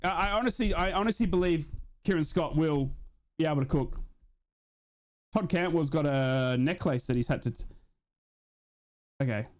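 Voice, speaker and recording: Young male fan-commentator, slightly high voice; excitable, rambling, mixes play-by-play with chat replies. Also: normal speed, pauses often. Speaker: football watch-along host.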